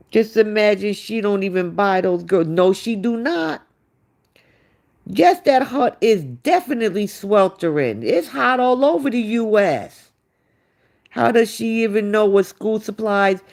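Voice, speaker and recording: A woman's voice: a little high, a little mellow. A woman hosting a livestream, reading viewer comments aloud and answering them in blunt, sarcastic casual commentary. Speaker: livestream host.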